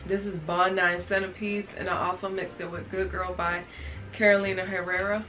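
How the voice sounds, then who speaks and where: A woman's voice: fairly low pitch, flat delivery, moderate pace, sharp tone, soft background music. A young woman showing what's in her bag to her viewers, chatty and casual, calling them y'all. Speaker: beauty vlogger. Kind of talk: casual show-and-tell vlog.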